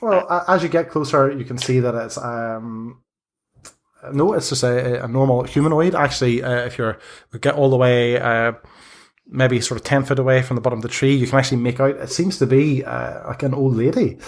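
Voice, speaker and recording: A man narrating as game master in a tabletop game. He lays out the scene in a halting, unhurried way, stopping often and restarting his phrases. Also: mid-range voice. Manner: halting, many ums and restarts.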